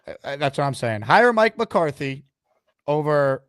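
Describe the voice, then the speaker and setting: A man hosts a live call-in show, talking in an upbeat and lively way as he greets callers and reads superchats. His voice sits a little high. The sound is dry and close, with no room around it. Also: unhurried, dry recording. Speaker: host.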